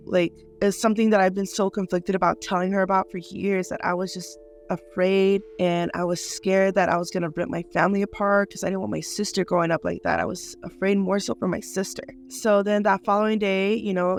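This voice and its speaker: A woman telling her own life story in an unscripted interview, speaking in a halting, earnest way full of small fillers. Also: mid-range voice, little pitch movement, soft background music. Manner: halting and earnest, many "like" and "you know" fillers. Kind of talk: personal testimony, unscripted.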